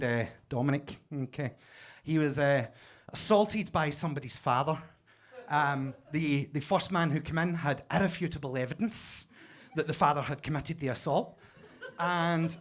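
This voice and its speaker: A Scottish man doing a stand-up set in a basement comedy club, telling stories with mock-pompous wordplay into a stage mic. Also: a little high. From Scotland.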